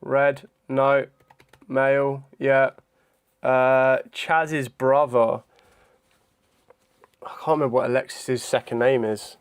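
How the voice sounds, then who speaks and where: Man, young adult, streamer, casual chat, unhurried, thinking aloud, lots of ums. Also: medium pitch, level tone, smooth. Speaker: live streamer. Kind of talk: casual live-stream chat during a trivia quiz.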